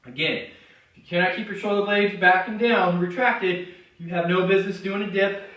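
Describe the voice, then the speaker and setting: Demonstrating chest dips, a male trainer with a high, somewhat bright voice speaks at a moderate pace, slightly out of breath. His coaching cues and encouragement for this exercise tutorial are picked up from a distance in a gym with heavy echo.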